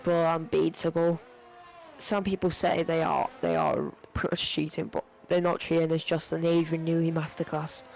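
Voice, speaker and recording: A man's voice: fairly high pitch, flat delivery, moderate pace, creaky, a little hiss or hum, low-quality recording. A young man giving live sim racing commentary, rambling with lots of fillers and self-corrections. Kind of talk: live esports race commentary.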